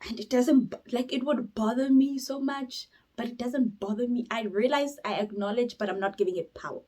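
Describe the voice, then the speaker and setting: A young woman from South Africa chatting casually on her vlog, rambling and expressive, with sudden loud bursts and whispered asides. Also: on the high side, brisk, poor audio. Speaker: YouTuber. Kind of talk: casual chat.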